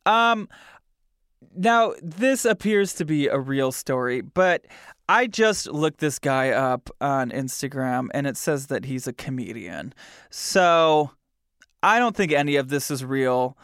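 Animated, smooth-voiced male podcast host. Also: medium pitch, slow pace, no room sound, clean studio sound. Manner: animated, amused, with many fillers. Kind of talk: casual podcast monologue.

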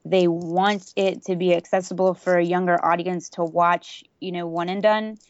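A woman's voice: lowish voice, level tone, moderate pace, dry recording. Opinionated woman podcast co-host. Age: adult. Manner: earnest, opinionated, explains at length. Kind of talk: casual chat. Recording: slightly dull dry audio.

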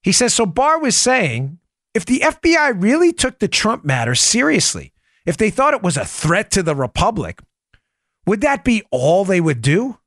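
A man's voice: high voice, wildly swooping pitch, normal speed, a bit bright, no room sound, studio quality. A man with a New York accent hosting a political podcast, talking in an emphatic, punchy way and reading ads himself. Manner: emphatic, punchy, repeats key points. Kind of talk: opinionated political talk and host-read ad.

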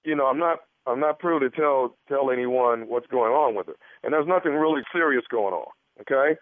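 A man's voice: medium pitch, brisk, no echo, lightly acted. A man pranking as an awkward male doctor, stammering and hesitant on a phone call. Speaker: prank caller. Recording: tinny phone line.

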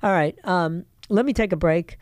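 A woman's voice: lowish voice, normal speed, a little mellow, no room sound, studio quality. A middle-aged woman hosting a political talk radio show, opinionated and emphatic, talking straight to her listeners.

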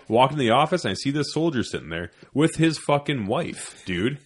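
A man's voice: sits low, expressive, a little fast, a bit bright. A man in his thirties, a former Army sergeant, telling a heated, profane story in casual podcast chat. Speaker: podcast co-host.

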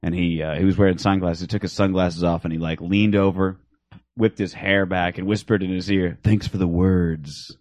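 A man in casual comedic chat, swinging into loud exaggerated disgust and swearing. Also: low-pitched, flat delivery, fairly quick, no room sound.

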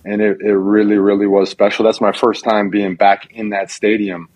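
A man who is a retired football player, a guest on a talk show, telling stories in an animated, self-mocking way. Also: fairly low pitch, normal speed, low-quality recording. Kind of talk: casual chat on a talk show.

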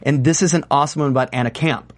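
Dude hosting a tv after show, kinda high voice, excited and rambly. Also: male voice, racing. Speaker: host. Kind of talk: casual panel chat.

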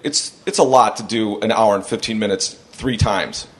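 Animated rambling male podcast host. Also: on the low side, normal speed. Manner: rambling, animated storyteller who acts out quotes. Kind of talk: casual chat, storytelling.

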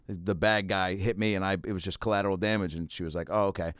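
Fast-talking man telling stories. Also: sits low, clean tone, no room sound, clean studio sound. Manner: animated storyteller, acts out people. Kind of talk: casual storytelling chat.

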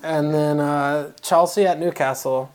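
Podcast co-host, male, relaxed and rambling, casual football chat. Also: fairly high pitch, a little slow. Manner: relaxed, rambling, frequent fillers.

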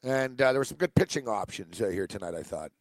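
A man's voice: lowish voice, lively intonation, fast talker, no room sound. A man co-hosting a sports radio show, telling a long, rambling story full of ums and uhs. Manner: rambling storyteller, many fillers and restarts. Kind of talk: casual sports radio banter.

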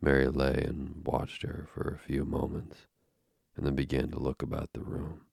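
A man narrating an audiobook in a measured, steady reading with a gravelly voice. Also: extremely low pitch, no room sound, studio quality.

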